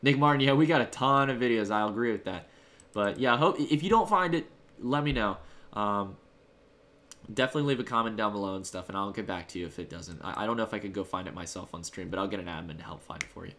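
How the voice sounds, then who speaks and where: This man talks fast in a lowish, somewhat bright voice. He's a livestream host chatting back to his viewers' messages, loose and upbeat, rambling with fillers and restarts.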